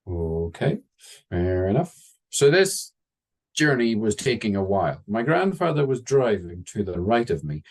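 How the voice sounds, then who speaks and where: A man telling a story in a wry, conversational way, slowing down for dramatic moments. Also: lowish voice, big pitch swings. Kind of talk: oral storytelling.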